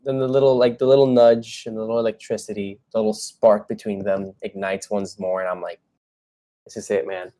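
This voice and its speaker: Man, podcast co-host, casual chat, excitable, swears a lot. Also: lowish voice, a little fast, hardly any pauses.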